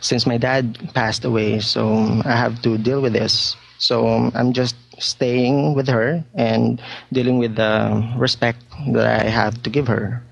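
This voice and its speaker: A man's voice: medium pitch, flat delivery, slow pace, gravelly, no echo, poor audio. A man in his thirties calling in over the internet, talking hesitantly with many fillers. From Philippines. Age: 30s. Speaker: caller.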